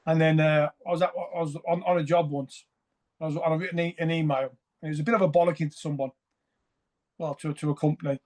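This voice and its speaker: A man's voice: on the high side, steady tone, fast talker, darkish tone. Blunt, sweary British man. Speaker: guest. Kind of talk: casual chat.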